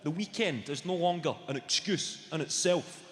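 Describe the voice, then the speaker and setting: A man's voice: on the high side, moderate pace. A young Scottish man doing live stand-up comedy, teasing the front row and swearing freely. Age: young adult. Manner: crowd banter, sweary and teasing. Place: large theatre stage, indoors. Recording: roomy live hall with loud crowd.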